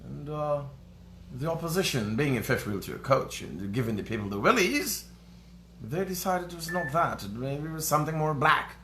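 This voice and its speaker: A man voicing a prim, proper-spoken English news critic with careful, formal enunciation and a measured, pompous newsreader delivery. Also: on the high side, expressive, a bit bright, slight background noise.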